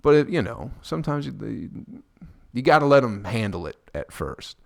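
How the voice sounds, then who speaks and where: A male solo podcast host, recorded close to the mic with no room sound, rambles crudely through a casual monologue, joking, swearing plenty, and mimicking people in high, squeaky voices. His delivery is sing-song and gravelly, a little mellow, at a normal speed.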